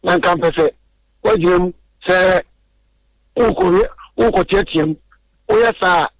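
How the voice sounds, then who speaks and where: Man, slightly higher voice, earnest radio explainer who circles back and repeats words. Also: unhurried, creaky, no room sound, rough recording. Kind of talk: radio discussion.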